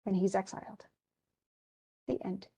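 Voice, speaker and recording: A woman teacher with a mid-range, slightly rough, dark-toned voice and vocal fry speaks at a measured pace in a level tone. Her casual lecture retells a tragedy for the class in a chatty way, full of restarts and wistful about the story.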